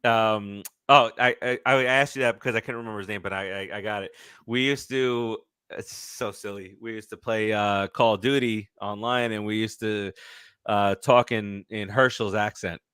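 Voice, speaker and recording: A man's voice: on the low side, steady tone, normal speed, a bit bright, clean tone, no echo, studio quality. A man co-hosting a sports and movie podcast, talking casually with lots of fillers and restarts. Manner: rambling, many fillers and restarts. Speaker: podcast co-host. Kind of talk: casual chat.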